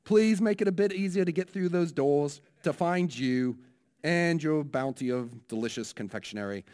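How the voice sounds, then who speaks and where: A man doing an impression of a bumbling, cheerful male funeral minister with a New Zealand accent, in a high, loud, sing-song delivery. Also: moderate pace, close to an everyday voice. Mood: goofy preaching.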